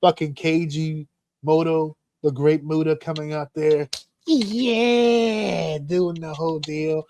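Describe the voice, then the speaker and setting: A man's voice: on the high side, unhurried, a little hiss or hum. A man hosting a podcast in casual chat, telling stories animatedly and swearing often. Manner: animated, profane storytelling with acted-out shouts. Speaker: podcast host.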